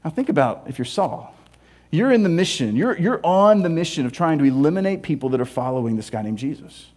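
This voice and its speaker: Animated, high-voiced male pastor preaching. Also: fairly quick. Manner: animated, conversational preaching with casual asides. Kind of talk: sermon.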